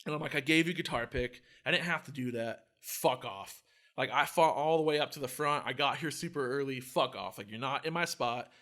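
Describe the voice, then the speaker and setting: A young man telling a story on a casual podcast, talking fast with a bright, forceful edge. He acts out every quote, swears freely and drops "like" into almost every phrase. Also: mid-range voice. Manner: animated storyteller, acts out quotes, heavy filler "like", swears a lot. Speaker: podcast co-host. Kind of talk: casual chat.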